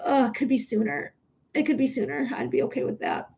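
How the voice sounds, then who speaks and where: A woman's voice: high voice, a little fast, gravelly, dark tone, slight background noise. A woman reading tarot on a live stream, emotional and close to tears, gushing thanks to viewers and cursing casually. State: tearful.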